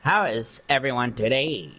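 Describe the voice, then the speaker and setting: A man's voice: medium pitch, lively intonation, normal speed, sharp tone. A man voicing a dapper male radio demon with a theatrical, announcer-like delivery. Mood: showy.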